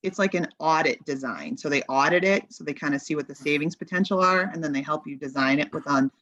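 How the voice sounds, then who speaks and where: A woman advises a town committee in a meeting over remote-call audio, thinking aloud as she practically lays out the options. She talks fast in a low-pitched, slightly bright voice, with no room sound and dull audio.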